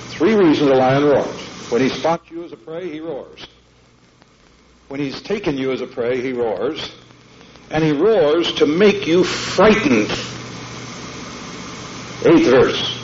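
Folksy preacher on an old echoey tape. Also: male voice, medium pitch, darkish tone, a little hiss or hum. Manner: folksy, emphatic, asks the congregation questions. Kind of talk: sermon. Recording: dull lo-fi sermon tape in an echoey hall.

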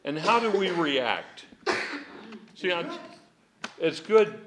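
A man's voice: a little high, lively intonation, takes it slowly, noisy background. A man teaching a Bible class in a folksy, digressive way, chuckling often.

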